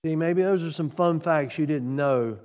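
A man preaching a sermon on giving, earnest, piling up rhetorical questions and swinging from loud to soft. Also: fairly high pitch, normal speed, long reverb tail. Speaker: pastor.

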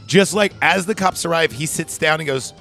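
A man's voice: a little high, moderate pace, music in the background. Rambling profane guy recapping a movie. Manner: rambling, profane, acts out quotes from the film. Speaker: podcast co-host. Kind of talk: casual movie recap chat.

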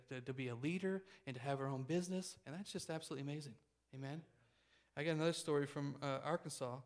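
A man preaching a sermon, telling a story in a quick, animated way with frequent restarts. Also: on the high side.

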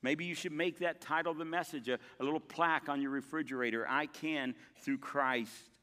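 An older pastor preaching a sermon with a folksy storyteller's manner and dramatic pauses. His voice sits a little high for a man and rings through a long church reverb. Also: bright, forceful tone. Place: church sanctuary.

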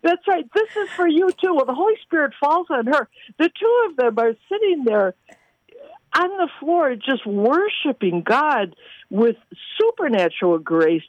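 A woman minister, a guest, telling faith testimonies in an animated way and acting out the people she quotes. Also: on the high side, dry recording, dull audio. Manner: animated, acts out quoted voices. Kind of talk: testimony storytelling.

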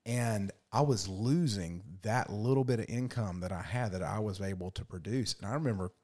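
A man's voice: on the low side, moderate pace, darkish tone. A man in his forties, a missionary guest, earnestly retelling a hard time in casual testimony. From North Carolina, USA. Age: 40s.

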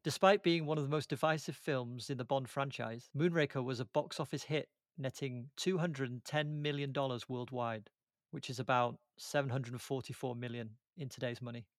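A man's voice: medium pitch, fairly even intonation, normal speed, no room sound. A man hosting a movie podcast, moving between banter and a scripted film rundown. His voice sits mid-range and is recorded close and dry, with no room sound. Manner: playful, reads a prepared segment. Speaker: podcast host.

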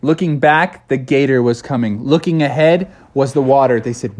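A man improvising a bedtime story, narrating in a lively, playful way. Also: mid-range voice, normal speed.

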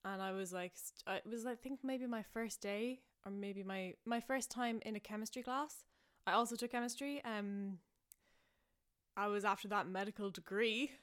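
A young woman with an Irish accent tells a story to her podcast listeners. She talks in a loose, rambling way, full of "like" and "um", and she often laughs at herself. Her voice sits at a middle pitch for a woman. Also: moderate pace, clean tone. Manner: chatty and self-mocking, laughing often, many fillers. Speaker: podcast host.

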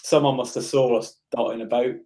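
A man's voice: mid-range voice, fairly even intonation, brisk, dark tone. A man, co-hosting a podcast and telling a story in casual chat, hesitant with many restarts. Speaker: podcast co-host.

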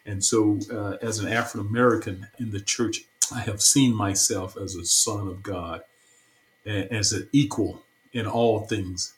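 A man's voice: on the low side, steady tone, a little slow, rough recording. A man, a church stake president, earnestly telling a personal story in an interview, often repeating himself.

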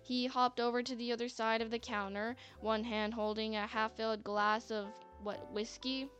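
A woman's voice: fairly high pitch, level tone, normal speed, a bit bright. A woman narrating a story in a chatty manner, with sarcastic asides. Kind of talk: scripted narration. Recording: faint music bed.

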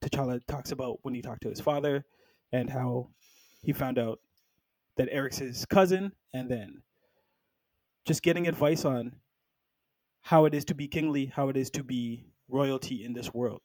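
A man co-hosting a podcast, casually talking through a film and slipping into quick impressions of its characters. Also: mid-range voice, a little mellow, no room sound. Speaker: podcast co-host.

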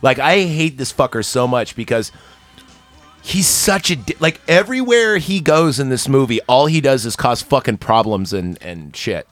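Male podcast co-host, mid-pitch, loose rambling delivery with fillers and cussing, dry close sound. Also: big pitch swings, normal speed, fairly bright tone, dry recording, soft background music. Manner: rambling, profane, lots of fillers. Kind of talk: casual movie recap chat.

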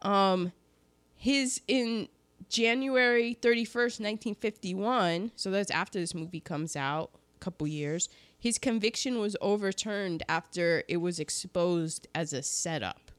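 Woman, casual podcast host, chatty, reads off movie facts, dry close sound, mid pitch. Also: no echo. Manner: chatty, reads out cast trivia with quick asides. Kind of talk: casual chat about an old film.

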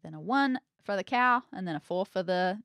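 A woman's voice: mid-range voice, expressive, normal speed, a bit bright, dry recording, studio quality. Wry, methodical woman player. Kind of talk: playing a tabletop game.

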